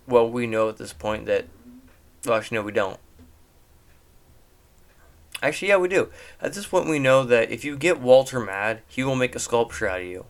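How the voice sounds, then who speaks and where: Young man for a casual, rambling movie recap that gets animated at the funny bits. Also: medium pitch, moderate pace, long pauses. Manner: rambling, animated, laughs at jokes.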